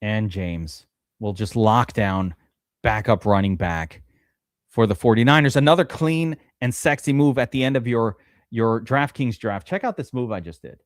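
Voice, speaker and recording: A man hosting a live-stream fantasy draft, talking in an excitable, rambling way and swearing often. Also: medium pitch, normal speed, no room sound, clean studio sound. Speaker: streamer host.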